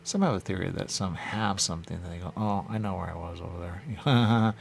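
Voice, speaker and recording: A man with a very low, gravelly voice drifts through a rambling radio monologue. He circles back to the same phrases over and over in a loose, musing way. A faint hiss of noise sits under his voice. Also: a little fast. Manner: loose, repetitive, musing, keeps saying "there you go". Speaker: radio show host.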